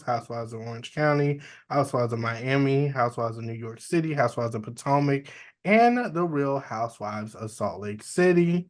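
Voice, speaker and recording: A man co-hosting a podcast, reading entertainment news aloud and giving blunt, profane opinions in casual chat. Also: medium pitch. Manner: reads news items aloud, candid and profane. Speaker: podcast co-host.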